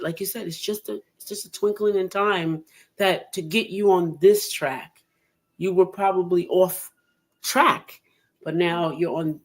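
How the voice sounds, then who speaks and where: A woman hosting a podcast in casual chat, telling her story with lots of laughter and acted-out quotes. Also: lowish voice. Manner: animated storyteller who laughs often and acts out quotes. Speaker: podcast host.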